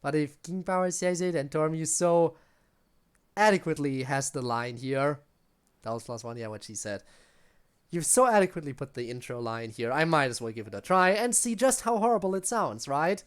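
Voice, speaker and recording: A woman streamer chatting casually while playing a game, self-deprecating and quick to laugh. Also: deep voice, lively intonation, smooth. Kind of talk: casual gaming stream chat. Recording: faint game music behind.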